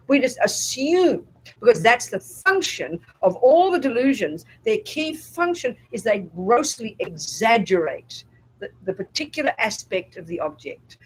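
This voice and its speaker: Woman, Buddhist nun teacher, husky timbre, very animated pitch, blunt emphatic dharma talk to a live group. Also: low-quality recording. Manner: emphatic and blunt, asks the audience if they follow; acts out inner voices in quotes.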